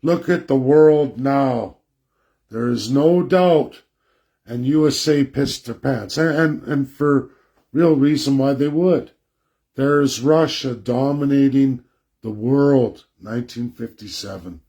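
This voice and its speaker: A man talks through a slide presentation at an unhurried pace. He is blunt and combative and drives his points home by repeating them. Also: mid-range voice, warm tone. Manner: blunt, combative, repetitive emphasis.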